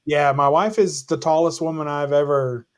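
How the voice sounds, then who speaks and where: A man's voice: on the high side, steady tone, moderate pace. A man teasing and chatting in a casual group conversation.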